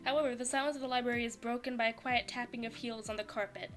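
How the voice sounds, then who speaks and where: A woman streaming a visual novel at home, reading the story aloud and reacting with excited cheers, giggles and rambling asides. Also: on the high side, fast talker, soft background music. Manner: rambling with frequent restarts and playful self-mockery.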